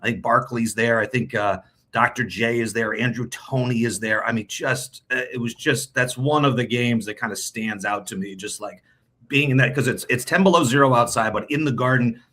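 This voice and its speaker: A man's voice: medium pitch, moderate pace, a bit bright. A middle-aged man from New England, a team broadcaster chatting as a guest, rambling with lots of restarts and repeated words. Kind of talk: casual interview chat.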